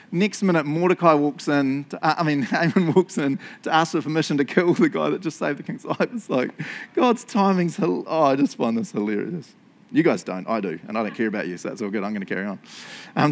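A man preaching a sermon, with a voice that sits slightly high and moves in lively swoops. He keeps a jokey tone, laughs often and keeps checking in with the people listening. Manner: animated, jokey, laughs often, asks the audience questions.

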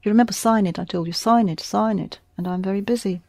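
A woman leads a one-to-one language lesson, patient and encouraging. She says each word slowly and clearly, then repeats it. Her voice is mellow, and the recording is dry and close. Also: mid-range voice, no room sound. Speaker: language teacher.

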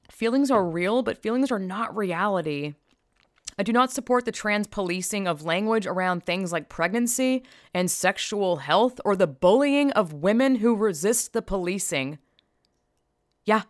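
A woman's voice: fairly low pitch, no room sound, studio quality. A woman giving a casual opinion monologue, blunt and profane, emphatic, with frequent sighs. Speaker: vlogger.

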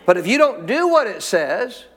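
A man's voice: sits high, sing-song, normal speed, a bit bright. A male pastor preaching a sermon in a church, emphatic, calling out to the congregation for responses. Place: church sanctuary. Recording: long hall reverb.

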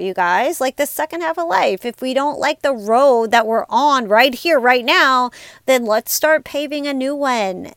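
A cheerful woman in her forties hosts a motivational podcast in a casual, chatty way. Her voice sits a little high and comes across smooth and clear. The recording is close and dry, with no room sound. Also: fairly bright tone, no echo. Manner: upbeat, chatty, says "you guys" and "like" often. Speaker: podcast host and life coach.

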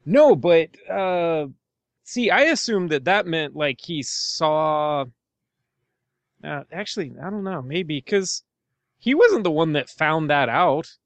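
Casual podcast co-host: a man with a slightly high voice, rambling, dry close mic. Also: lively intonation, slow pace, no echo. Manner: rambling, laughs often. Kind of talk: casual movie discussion.

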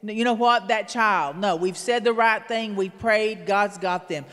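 A woman's voice: medium pitch, a little slow, fairly bright tone. A woman preaching alongside the pastor in an earnest, rhythmic way, repeating her phrases. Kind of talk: sermon. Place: church sanctuary. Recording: long hall reverb in a sanctuary.

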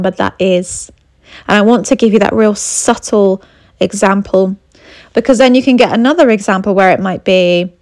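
Gravelly woman coach giving advice. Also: medium pitch, darkish tone, dry recording, studio quality. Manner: earnest, repeats key points, checks in with "okay?". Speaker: confidence coach and abuse recovery mentor. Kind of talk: advice talk to camera.

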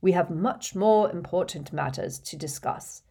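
An elderly male headmaster from a storybook, wise and tired, read by a woman. He speaks slowly and gently in a low, soft voice. Every phrase is measured and patient. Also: creaky, breathy edge, exaggerated voice. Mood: calm weary.

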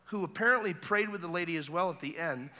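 Bright-voiced preacher man in a reverberant hall. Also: high voice, fast talker. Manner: acts out voices in his stories, swinging from hushed to shouting. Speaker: evangelist preacher. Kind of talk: revival sermon storytelling. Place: large church hall.

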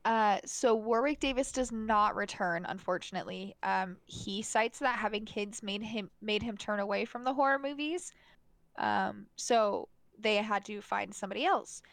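A young woman talks through a movie plot as a podcast co-host, loose and chatty, stumbling over her words and laughing as she goes. Her voice sits at an ordinary middle pitch. The recording is close and dry, with no room sound. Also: normal speed, dry recording. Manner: chatty, laughs often, many fillers and restarts. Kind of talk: casual chat reviewing a movie.

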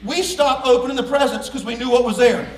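A man preaching a sermon to a congregation, joking and swinging from hushed asides to loud shouts. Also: very high voice, fairly quick, recorded from a distance. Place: church sanctuary. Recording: echoey room, voice from off-mic.

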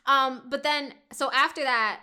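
A woman in casual chat with a fairly high, bright voice. She retells a story with animation and swears freely. She slips into the characters' lines as she goes. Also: steady tone, unhurried. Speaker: podcast co-host discussing a book.

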